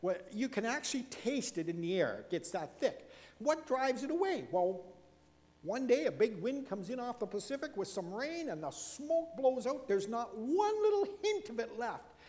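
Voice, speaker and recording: A man from Canada preaching a sermon as a pastor, an animated storyteller who moves from loud emphasis to hushed asides. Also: very high-pitched, normal speed, in a large hall.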